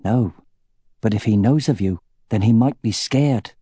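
A man's voice: fairly low pitch, unhurried, warm tone, slightly rough, dry recording, studio quality. A man voicing an anxious young male dragon rider who speaks in urgent questions.

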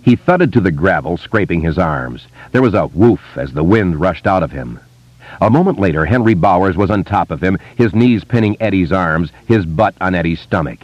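A man narrating an audiobook in an expressive, dramatic manner. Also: low voice, normal speed, no room sound. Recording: slightly muffled dry studio.

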